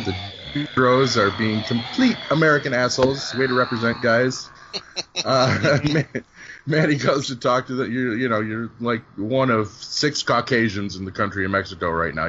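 A man hosts a casual podcast recap, retelling the plot with jokes, swearing, and frequent laughter. His voice is medium-pitched and a bit bright, and the lo-fi audio sounds dull with faint hiss.

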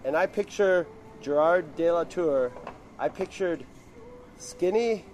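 A man's voice: on the high side, slow pace, a little mellow, a little hiss or hum. A man as a podcast guest in casual chat, rambling and laughing often.

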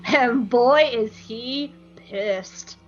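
A fairly high-voiced woman recaps a cartoon episode with a playful, joking delivery, now and then acting out lines in silly voices. The podcast audio is a little dull and muffled, with faint music underneath. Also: very slow. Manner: playful, jokey, acts out quotes in silly voices. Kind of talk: casual recap with comic voiced quotes.

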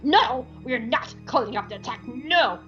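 A woman's voice: sits high, lively intonation, normal speed, fairly bright tone, highs cut off, faint music behind. A woman voicing a pompous male admiral who sputters angrily in a put-on British manner. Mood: blustering. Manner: sputtering, angry.

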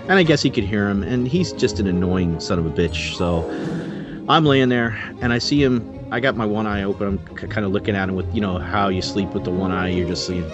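A man on a podcast, casually telling an animated story and acting out the voices in it. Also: on the low side, brisk, muffled recording. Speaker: podcast co-host. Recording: music bed underneath.

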